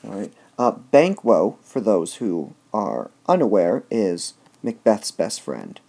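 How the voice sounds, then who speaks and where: Speaking slowly in a lowish, mellow voice with vocal fry and a breathy edge, this man reviews a play in a casual lecture with a sing-song lilt. He walks through his points one at a time, dropping in fillers and frequently saying "all right".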